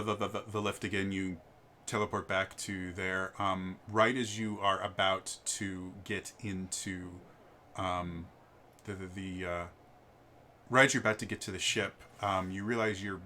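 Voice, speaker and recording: A man's voice: on the low side, bright, forceful tone, a little hiss or hum. A man narrating as game master in a tabletop game, stammering with many fillers.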